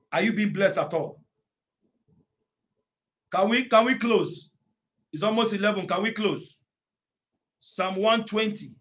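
A male preacher with a high voice and a forceful, bright tone. He speaks slowly and keeps repeating his lines. He stretches words out into loud shouts as he drives home a sermon for an online prayer meeting. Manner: emphatic, repeats phrases, bursts into drawn-out shouts. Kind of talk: online sermon with scripture reading.

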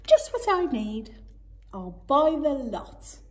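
A woman voicing a grumpy old female owl in a children's storybook, slow and drawn-out. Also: high voice, sing-song, pitched above the performer's own voice, exaggerated voice. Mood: pleased.

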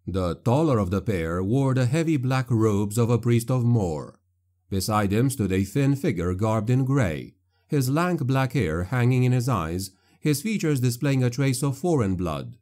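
A man narrating a dark fantasy audiobook in a measured, grave manner. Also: lowish voice, animated.

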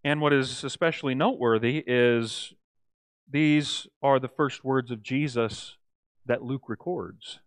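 A man teaching a church Bible study in a lively, conversational way, often acting out quoted lines and checking in with the group. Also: mid-range voice, a little slow, no echo, clean studio sound. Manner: animated, acts out quoted lines, asks the group "right?".

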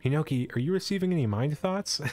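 A man's voice: a little high, expressive, fast talker, a little mellow, soft background music, pitched above the performer's own voice, natural voice. A man voicing an anxious young adventurer. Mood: urgent. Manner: urgent, anxious. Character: young male adventurer worried for his uncle.

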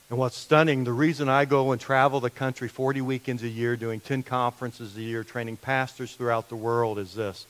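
A middle-aged male guest pastor preaching a sermon, telling stories loudly, then dropping to a hushed, intense tone. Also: medium pitch, steady tone, brisk, few pauses, low-quality recording.

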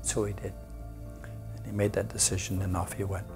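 A man telling a traditional folk tale aloud, unhurried, often dropping to a whisper, with halting restarts. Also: low voice, little pitch movement, gravelly, darkish tone, soft background music. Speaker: storyteller.

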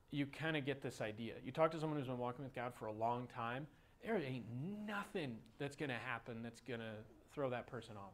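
Man, Bible study leader, casual teaching, conversational, mid pitch. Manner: conversational, folksy, uses everyday analogies. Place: group room with a recording.

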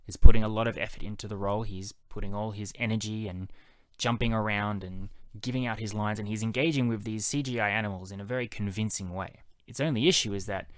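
Male podcast film reviewer, slightly low pitch, dry recording, wry measured delivery. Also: no echo. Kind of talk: solo spoken movie review.

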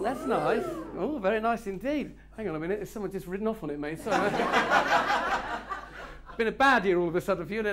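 A man's voice: high-pitched, a bit bright, slight background noise. A man leading a live networking workshop, cheeky and joking, teasing his audience in a meeting room. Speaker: workshop speaker.

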